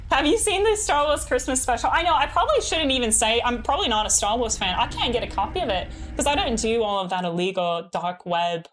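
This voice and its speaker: A young woman, chatting casually with her live chat while gaming, bubbly and quick to laugh. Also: medium pitch, a bit bright, slight background noise. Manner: bubbly, laughs often, reads chat aloud. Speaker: streamer.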